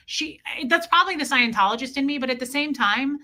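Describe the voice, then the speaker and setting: Chatty woman streamer telling a story to her chat, lots of "like", bright sharp voice kinda high. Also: quick pace, hardly any pauses. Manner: chatty and animated, greets chat mid-story, heavy use of "like". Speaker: streamer and parent. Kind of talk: casual livestream storytelling.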